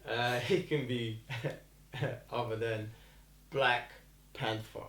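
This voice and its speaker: A man co-hosting a podcast in casual chat, excitable and quick to laugh. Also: medium pitch. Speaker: podcast co-host. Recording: echoey room.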